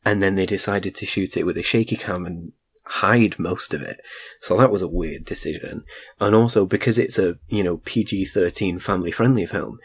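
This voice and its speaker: A man's voice: low-pitched, normal speed, slightly rough. A man casually reviewing a film in a chat, rambling with frequent restarts. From United Kingdom.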